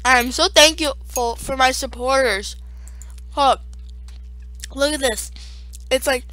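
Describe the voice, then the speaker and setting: A woman YouTuber in a casual vlog, excitable and gushing, swearing freely. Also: high-pitched, takes it slowly, long pauses, no echo. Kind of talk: casual subscriber-special vlog.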